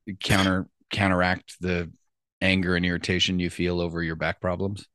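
A man's voice: low-pitched, level tone, moderate pace, bright, forceful tone, dry recording, studio quality. A man co-hosting a casual podcast, chiming in with short, wry quips. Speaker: podcast co-host. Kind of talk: casual chat.

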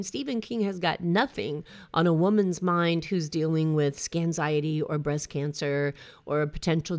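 A middle-aged woman talks candidly as a podcast host, reflective and conversational. Her voice sits a little low and carries a steady gravelly vocal fry. She sounds open and down to earth. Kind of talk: candid personal talk.

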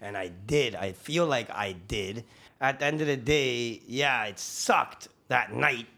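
A young adult man, a construction worker and podcast guest, telling a work story in casual chat, animated and swearing freely with many restarts. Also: mid-range voice, measured pace, gravelly.

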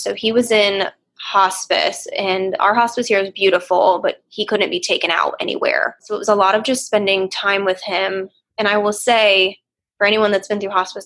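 A young woman talks candidly as an interview guest, earnest and reflective. Her voice is gravelly with vocal fry and has a husky edge. She works as a therapist and speaks openly. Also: mid-range voice, fairly bright tone. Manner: earnest, reflective, sometimes emotional.

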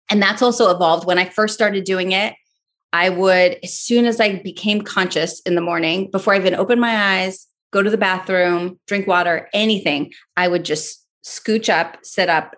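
A woman's voice: fairly low pitch, a bit bright. A woman in her forties, a podcast guest, telling a parenting story in casual chat and acting out her own thoughts.

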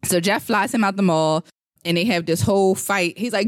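A man's voice: high-pitched, brisk, dry recording. Man recapping a movie, dry close sound. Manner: rambling storyteller, acts out lines. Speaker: podcast co-host.

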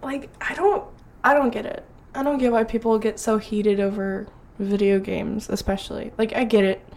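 A young woman co-hosting a podcast in a casual chat, giggly and quick to agree. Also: medium pitch, fairly even intonation, darkish tone. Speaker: podcast co-host.

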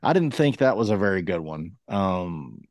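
Man co-host, lowish voice, loose rambling delivery, dry recording. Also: big pitch swings, moderate pace, a little mellow, no echo. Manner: rambling, many fillers and restarts. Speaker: podcast co-host. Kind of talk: casual chat.

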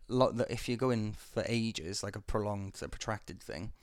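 A man's voice: lowish voice, unhurried, no echo, clean studio sound. A young man co-hosting a podcast in a rambling, laid-back way, with lots of ums and casual swearing. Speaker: podcast co-host. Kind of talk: casual chat.

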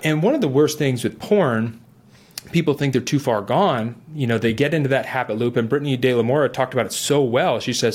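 A middle-aged man earnestly telling his own recovery story in a talk, animated and acting out his inner voice. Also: medium pitch, quick pace. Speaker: guest sharing recovery story. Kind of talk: earnest personal testimony.

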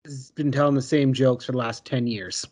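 A man's voice: medium pitch, steady tone, normal speed, darkish tone. A man co-hosting a podcast, joking in a wry, teasing way. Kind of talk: casual podcast chat.

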